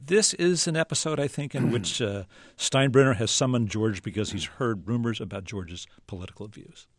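A man hosting a radio interview, giving measured, scripted introductions. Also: medium pitch, no room sound, studio quality. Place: radio studio.

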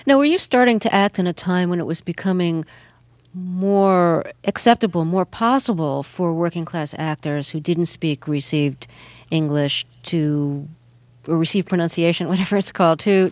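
A woman's voice: lowish voice, normal speed, a little mellow, dry recording. A woman hosting an interview, asking questions in a curious, conversational way. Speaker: interviewer, host. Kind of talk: radio interview.

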